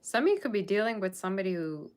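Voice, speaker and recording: A woman's voice: mid-range voice, big pitch swings, quick pace, darkish tone. A woman tarot reader talking casually to her viewers, blunt and sassy, scolding them about their standards. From Persian Russian background. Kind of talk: casual tarot reading monologue.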